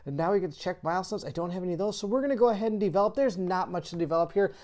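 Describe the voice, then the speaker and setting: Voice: medium pitch, very fast, few pauses. A host casually talking through a solo board game session, thinking aloud, reading rule cards out and laughing often. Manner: laughs often and gets excitable.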